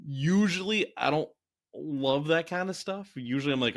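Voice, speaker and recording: A man co-hosting a casual movie podcast, animated and laughing often as he acts out scenes. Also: medium pitch, normal speed. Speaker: podcast co-host. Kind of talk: casual movie review chat.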